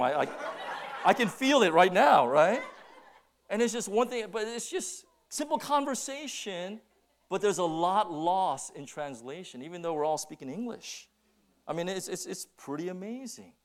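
A middle-aged man preaching a sermon as pastor, telling stories with many restarts and then slowing down to stress his points. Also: high voice. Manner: animated storytelling with many restarts, then slow emphatic preaching.

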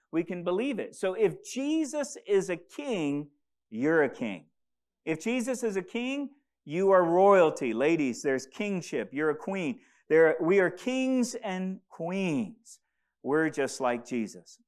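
A man preaching a sermon as pastor, often repeating and stumbling over words and having the congregation say verses aloud with him. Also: a little high.

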